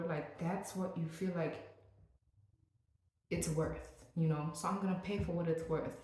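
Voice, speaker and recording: A woman's voice: on the low side, darkish tone. A young woman vlogging in a casual, joking rant, full of playful asides. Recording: very echoey room.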